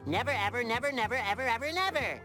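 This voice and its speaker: A man voicing a stubborn cartoon sea sponge who refuses to leave his house, in a high nasal voice over cartoon music. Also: lively intonation, fast talker. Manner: insistent, exasperated. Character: cheerful young male sea sponge, stubborn homebody.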